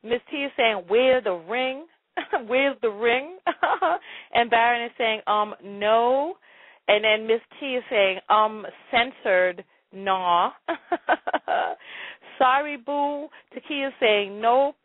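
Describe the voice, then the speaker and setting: A woman's voice: on the high side, slow pace, no echo. A woman hosting a live call-in advice show, stammering through repeats and breaking into laughter and dramatic exclamations. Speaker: radio advice show host. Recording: tinny phone-like line.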